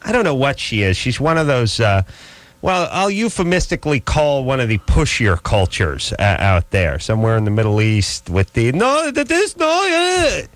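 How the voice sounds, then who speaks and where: A male talk radio host who spins long, rambling stories with lively, swooping pitch. His voice sounds close and dry on a studio microphone, with a mid-range tone. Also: normal speed, dry recording. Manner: rambling, animated storytelling. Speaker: radio call-in show host. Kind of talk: casual talk radio banter.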